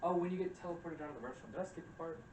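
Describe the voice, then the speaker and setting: Young man, rapid rambling recap, profane, echoey room, mic a few feet off. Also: fairly high pitch, darkish tone, slight background noise. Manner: rambling, profane, acts out quotes. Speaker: game recap presenter. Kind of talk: casual chat. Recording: roomy room, distant mic.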